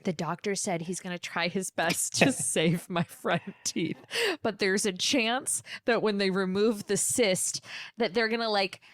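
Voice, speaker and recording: A woman's voice: mid-range voice, measured pace, no room sound, clean studio sound. A woman in her thirties hosting a solo podcast, telling a funny story with swearing and playful impressions of the people in it. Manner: animated, profane, mimics people in quoted bits. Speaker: podcast host.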